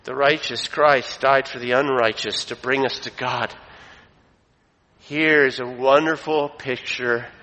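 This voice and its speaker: A man preaches a sermon at a middle pitch, his voice rising and pressing on key phrases before settling back down. The sound carries a long reverb, as if recorded in a large sanctuary. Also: unhurried. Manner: expressive preaching, swells to emphasis. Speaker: pastor.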